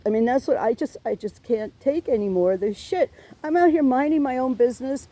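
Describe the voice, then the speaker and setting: A middle-aged woman with a high, brisk, warm voice complains to a police officer about a neighbor harassing her. She's a tenant, and her account is emotional, rambling and aggrieved, full of swearing and restarted sentences.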